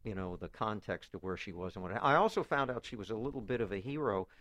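Male author guest, low-ish voice, halting storyteller with many restarts, dry close sound. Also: animated, fairly bright tone, no room sound. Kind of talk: conversational storytelling interview.

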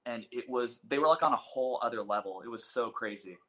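A man's voice: mid-range voice, fast talker, fairly bright tone, slight background noise. A man in a band, guesting on a casual chat, enthusiastic and using "like" a lot.

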